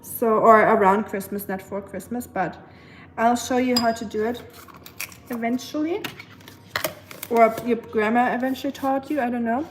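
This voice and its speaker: A woman's voice: a little high, steady tone, moderate pace, pauses often, slight background noise. Woman, German accent, casual livestream chat, cooking, pots and pans clattering. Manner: chatty, talks back to viewers, searches for words. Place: home kitchen. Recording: echoey kitchen with clattering dishes.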